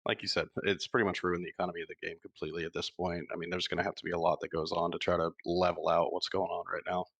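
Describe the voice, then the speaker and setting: A man's voice: low voice, flat delivery, rapid-fire, creaky, fairly bright tone, no echo. A man guesting on a gaming podcast, blunt and teasing in casual chat. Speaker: guest gamer.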